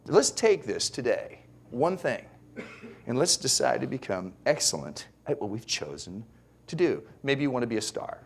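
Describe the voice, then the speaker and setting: A man giving a motivational speech, with animated storytelling and rhetorical questions. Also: mid-range voice, moderate pace, creaky. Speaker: motivational speaker.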